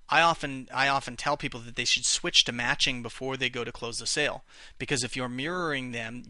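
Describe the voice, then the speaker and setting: Bright, dry-voiced male instructor. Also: mid-range voice, no echo. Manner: energetic, repetitive, demonstrates voices while teaching. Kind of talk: teaching a rapport-building class.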